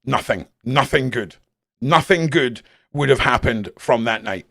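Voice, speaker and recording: A Scottish man hosting a live stream, chatting casually with his viewers in a blunt, animated way and swearing constantly. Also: medium pitch, measured pace, creaky, dry recording, studio quality. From Scotland. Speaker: live-stream host reading chat. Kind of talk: casual rambling chat.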